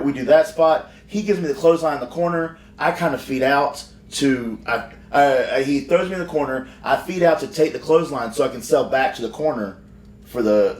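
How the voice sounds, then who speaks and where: A male wrestler tells a rambling, profane backstage story in casual podcast talk. His voice sits at an ordinary pitch. The room is echoey and the mic sits a fair way off. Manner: rambling, profane, frequent restarts. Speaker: professional wrestler. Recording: roomy sound from far off.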